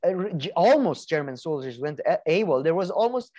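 A man's voice: a little high, expressive, fairly quick, darkish tone. A man co-hosting a podcast in casual chat, rambling with many restarts, fillers and the odd swear word. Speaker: podcast co-host.

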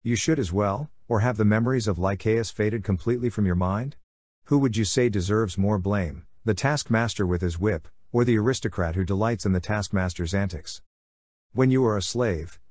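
A low-voiced, sneering warlord, as a man reads him in a fan audiobook. He is smooth and sarcastic, twisting every reply into mockery, and the dry, close recording keeps every sneer right at the ear. His scorn can boil over into open fury. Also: normal speed, a little mellow, no room sound, natural voice. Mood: scornful. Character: scheming silver-tongued male warlord, mocking and bitter. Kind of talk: audiobook character voice.

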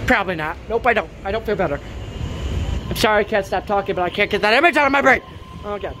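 A young man with a high voice rambles frantically and keeps repeating himself while filming trains trackside. The recording is outdoors and noisy, with traffic and train sounds behind him. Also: fast. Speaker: train-spotting vlogger. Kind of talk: excited vlog commentary.

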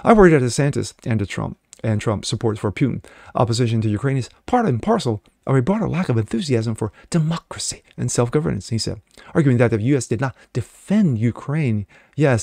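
A man's voice: mid-range voice, very animated, fairly quick, vocal fry, darkish tone, no room sound, studio quality. A man reading political news articles aloud and breaking in with mocking, sarcastic asides. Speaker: political commentary host.

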